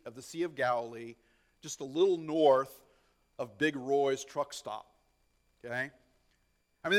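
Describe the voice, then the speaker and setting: Animated, fairly high-voiced male preacher. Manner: conversational teaching with frequent "okay?" checks; animated, acts out quotes with rising pitch. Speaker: pastor. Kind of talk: sermon.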